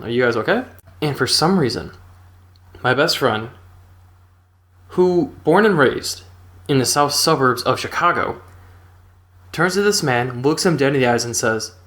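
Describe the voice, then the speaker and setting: A man's voice: medium pitch, normal speed, pauses often, a bit bright. A young man casually retelling a funny personal story in a laid-back, rambling way, chuckling now and then.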